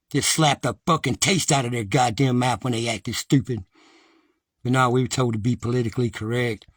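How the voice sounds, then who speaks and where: A middle-aged man addresses his viewers in an impassioned, defiant monologue that is blunt and full of profanity, building into loud, agitated ranting. His voice is medium-pitched and the recording is dry.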